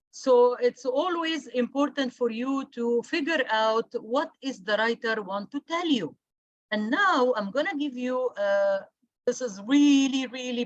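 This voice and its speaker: A woman's voice: fairly high pitch, dry recording. A woman teacher giving a class lecture, stressing and repeating key words, with many fillers.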